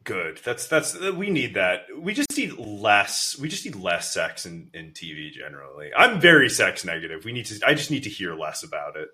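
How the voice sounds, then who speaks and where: A man's voice: fairly low pitch, sing-song, moderate pace, hardly any pauses, sharp tone. A man co-hosting a podcast, joking around and laughing often as he talks. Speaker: podcast co-host. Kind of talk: casual chat.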